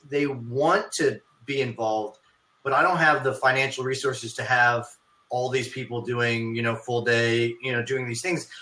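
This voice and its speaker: A man hosts a casual podcast, thinking out loud about running his martial arts schools. His voice is bright and forward, and he often restarts sentences as his thoughts catch up. The recording has a roomy echo around him. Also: mid-range voice. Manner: thoughtful, rambling, with many restarts.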